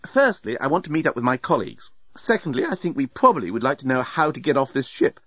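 A man's voice: medium pitch, sing-song, quick pace, a bit bright, breathy edge, dry recording. A man voicing a prim young woman who speaks in a cross, formal, precise way. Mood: stern. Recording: dull, muffled sound.

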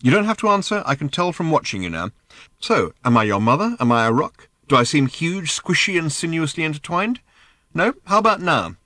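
A strange, polite shape-shifting bird voiced by a man in a storybook reading, speaking in a pleasant light tenor set a little higher. It rattles off brisk, matter-of-fact questions with lively curiosity. The sound is dry and close. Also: dry recording. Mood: brisk, inquisitive. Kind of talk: audiobook character voice.

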